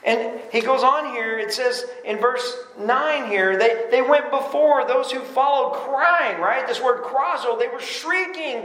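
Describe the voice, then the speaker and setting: A man preaching a sermon in a church, animated, swinging between loud bursts and quiet asides and often repeating words as he restarts. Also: very high voice, a little slow, few pauses. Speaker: pastor. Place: church sanctuary. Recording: roomy echo.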